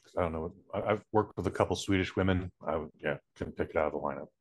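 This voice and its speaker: Man, podcast co-host, very deep voice, dry studio sound, deadpan humor. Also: fast, no echo. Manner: wry, deadpan quips. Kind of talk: casual comedic chat.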